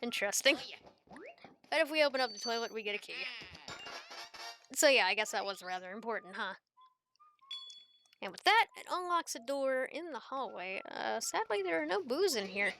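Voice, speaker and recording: A woman's voice: a little high, lively intonation, moderate pace, long pauses, fairly bright tone, slight background noise. A woman giving casual, playful gameplay commentary as a let's play host, giggling and making joking asides.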